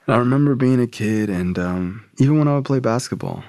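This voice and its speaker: A young man tells a personal story in casual, profane slang. His voice is gravelly and sits at a middling pitch. The sound is dry and close. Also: animated, brisk, a little mellow, no room sound. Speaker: speaker sharing his recovery story.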